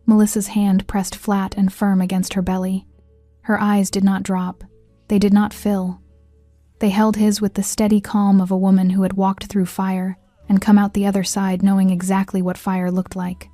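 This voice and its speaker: A woman narrating a story in a measured, even reading. Her voice is dark and mellow, and her pitch barely moves. The recording is dry, and soft music plays faintly underneath. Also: no room sound.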